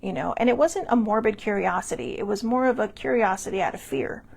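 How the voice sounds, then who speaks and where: Female host, gravelly voice with vocal fry, frank and confessional in a personal talk. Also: mid-range voice, brisk. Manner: candid, confessional. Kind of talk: personal mental health monologue.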